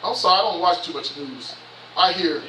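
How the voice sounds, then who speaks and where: A man's voice: on the high side, moderate pace, bright, forceful tone, slight background noise. A man in his fifties with a Southern US accent, preaching a sermon as bishop with impassioned rhetorical questions. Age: 50s. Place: church sanctuary. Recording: echoey church from far off.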